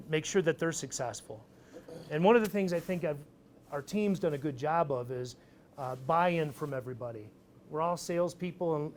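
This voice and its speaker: A man speaks to a live audience from a stage, his voice sitting a little high for a man. He talks in a loose, energetic, swear-happy way. Faint room ambience runs under him. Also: slight background noise. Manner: casual, energetic, swears freely. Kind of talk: motivational talk to an audience. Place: event stage.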